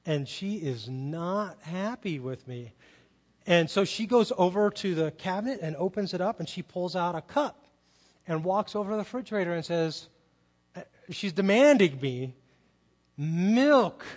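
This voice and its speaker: A man's voice: high voice, expressive, a little slow, a little mellow. A middle-aged man preaching a sermon, telling family stories in a conversational way and asking the congregation rhetorical questions. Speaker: pastor. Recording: long reverb of a large hall.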